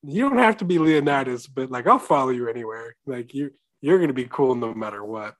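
Casual co-host, young adult man, lively and laughing, acts out lines mid-story. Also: medium pitch, brisk. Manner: animated, laughing, quoting characters. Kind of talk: casual movie chat.

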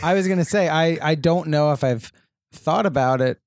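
A man's voice: fairly high pitch, normal speed, crowd noise. A man co-hosting a podcast, rambling through casual chat with self-deprecating jokes. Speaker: podcast co-host.

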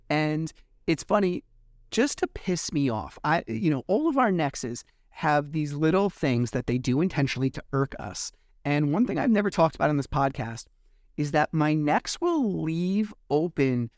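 A podcast host retelling events in a casual, animated, sarcastic way, swearing freely. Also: male voice, fairly high pitch, no echo, studio quality. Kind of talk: casual storytelling recap.

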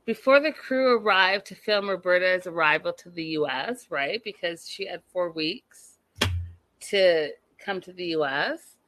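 Woman host, chatty and sassy, bright tense voice, slow unhurried delivery. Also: lowish voice, lively intonation, no echo. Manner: chatty, sassy, talks to viewers. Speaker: reality TV recap host. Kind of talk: casual chat recapping an episode.

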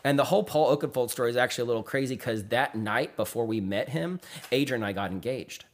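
This guest artist from Texas, medium-pitched and quick, rambles through casual stories packed with fillers, his energy lifting whenever he quotes other people.

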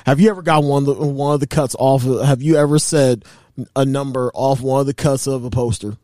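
A young man co-hosting a podcast, chatting casually with blunt, quick, profane interjections. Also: mid-range voice, fairly even intonation, warm tone, no room sound, studio quality. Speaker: podcast co-host. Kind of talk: casual chat.

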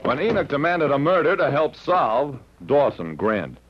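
A man's voice: medium pitch, unhurried. An actor playing a wry private detective who narrates his own case, in 1940s radio acting. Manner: dry, wry narration with lively delivery. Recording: dull vintage radio recording with faint hiss.

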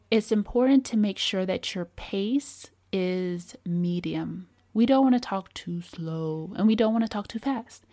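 A woman podcast host giving steady, coaching advice in a calm, measured way. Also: medium pitch. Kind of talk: advice talk on voice and attraction.

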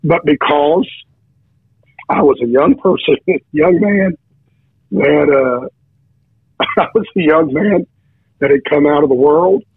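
A man's voice: on the high side, breathy edge, dry recording. A man, a preacher, telling his testimony in casual talk, with frequent restarts and repeated words. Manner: storytelling, many restarts and stammered repeats. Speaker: preacher guest. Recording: tinny phone line.

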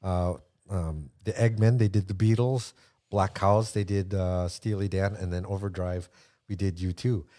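Low-voiced American man telling stories. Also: a little slow. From United States. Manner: relaxed storyteller, laughs often, swears casually. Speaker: podcast guest, musician. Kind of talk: casual chat.

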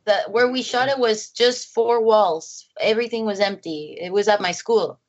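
A woman filmmaker chatting as an interview guest, lively and full of acted-out quotes and laughter. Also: mid-range voice, moderate pace, muffled recording. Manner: animated, acts out quotes, laughs often. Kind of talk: casual interview chat. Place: home.

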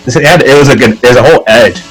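A man co-hosting a casual podcast chat, riffing loosely and swearing freely, with bursts of excitement. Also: mid-range voice, racing, husky, soft background music, poor audio. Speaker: podcast co-host.

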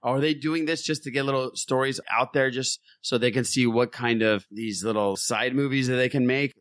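A man's voice: medium pitch, steady tone, moderate pace, a bit bright, no echo, studio quality. Laughing, swearing podcast host, a man. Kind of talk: casual chat.

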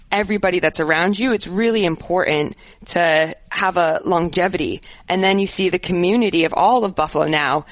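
A woman's voice: lowish voice, dry recording, poor audio. A woman football coach talking with enthusiasm and care in a casual interview. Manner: enthusiastic, earnest, laughs easily.

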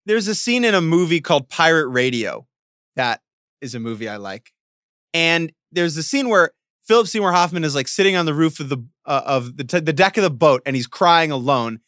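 A man's voice: a little high, sing-song, fairly quick, a bit bright, no room sound, clean studio sound. A young man co-hosting a podcast in casual chat, enthusiastic and rambling, often restarting his sentences. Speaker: podcast co-host.

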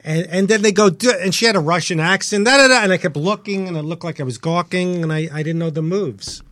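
A man on a talk show speaking in a halting, self-deprecating way with many restarts. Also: high voice, fairly even intonation, fairly bright tone, no room sound. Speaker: guest being coached. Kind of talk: casual talk-show chat.

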